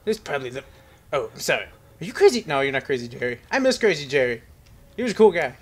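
A man's voice: fairly high pitch, big pitch swings, fast. A young man giving casual, rambling commentary on a horror game into a headset, nervous and joking as he talks to the characters on screen. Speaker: gaming commentator.

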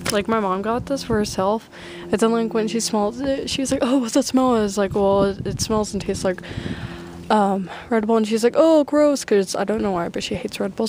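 A teenage girl chatting excitedly in a casual haul video, full of "like" and "oh my gosh". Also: medium pitch, background noise. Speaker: vlogger showing a thrift haul.

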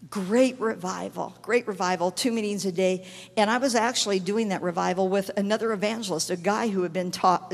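A middle-aged woman evangelist telling a testimony in a sermon, acting out the dialogue and swinging from hushed tones to shouting. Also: mid-range voice. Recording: long hall reverb.

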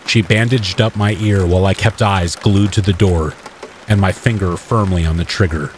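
A man narrating a first-person horror tale with steady, measured delivery. His voice sits low, and a faint patter of rain plays softly underneath. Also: a little hiss or hum. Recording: faint rain ambience mixed behind the voice.

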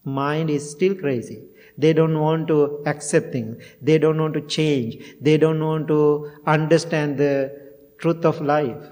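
With a fairly high, steady, darkish voice and a slow pace, a middle-aged Buddhist monk gives a heartfelt dharma talk built on stories. Occasionally he laughs at himself, and the temple meditation hall adds long reverb.

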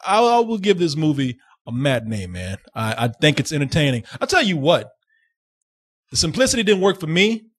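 A man's voice: fairly high pitch, brisk, breathy edge. A man co-hosting a movie review show, chatting casually with plenty of joking and profanity. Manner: animated, laughing, profane, joking. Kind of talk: casual chat.

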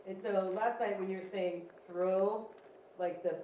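A woman's voice: medium pitch, fairly even intonation, a little slow, dark tone, a little hiss or hum. Woman testifying, distant and echoey. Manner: chatty, rambling with fillers. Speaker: congregant giving a healing testimony. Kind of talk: casual spoken testimony. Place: church sanctuary. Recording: echoey church, far from the mic.

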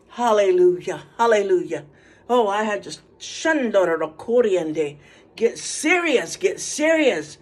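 In this social media recording, a woman in her seventies preaches a fervent Facebook video monologue by herself in a small apartment. Her intonation is lively and her pace measured as she swings from hushed prayer to high calls, bursting into hallelujahs.

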